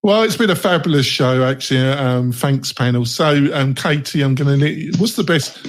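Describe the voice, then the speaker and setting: A man hosts a round-table podcast, thanking his panel and moving things along. He talks in a chatty, halting way, with a mid-range voice. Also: mid-range voice. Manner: chatty, halting, lots of fillers. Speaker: podcast host.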